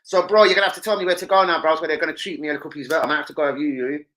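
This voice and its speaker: A young man, hosting a football live stream and chatting with his viewers in an animated, slangy and sweary way. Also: on the high side, racing, very noisy. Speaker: football livestream host. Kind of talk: casual live-stream chat.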